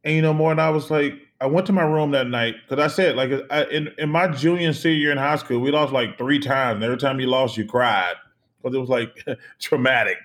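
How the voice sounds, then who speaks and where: A middle-aged man from the United States, a guest in an interview, telling stories in an animated, emphatic way, repeating phrases and swearing casually. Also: mid-range voice, fairly quick. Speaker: interview guest, former basketball player.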